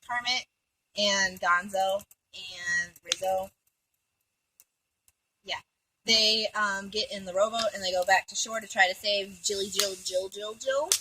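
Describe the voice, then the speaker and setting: A woman's voice: medium pitch, sharp tone, slight background noise, low-quality recording. A woman casually recapping a movie among friends, rambling and profane, giggling and jumping off into asides.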